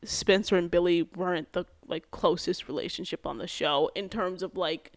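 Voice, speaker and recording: A woman hosting a podcast, recapping a TV episode in an animated, casual way with many fillers and quick bursts. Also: on the low side. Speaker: podcast host.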